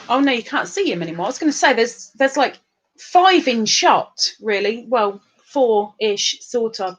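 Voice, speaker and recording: A woman's voice: fairly high pitch, expressive, measured pace. A woman with a sore throat, chatting casually and self-mockingly on a livestream as she reads out viewer comments. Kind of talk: casual chat.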